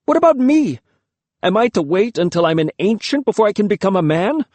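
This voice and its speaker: Shrill, defiant boy on the edge of manhood, put on by a male reader; high, lively, dry. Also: moderate pace, no room sound. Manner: shrill, cracking, raised voice. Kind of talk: audiobook character reading.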